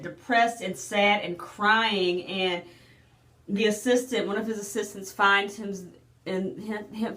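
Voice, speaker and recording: A woman's voice: medium pitch, fairly bright tone, echoey room. A woman casually recapping a drama episode, chatty and emotional with lots of fillers and restarts. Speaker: drama reviewer.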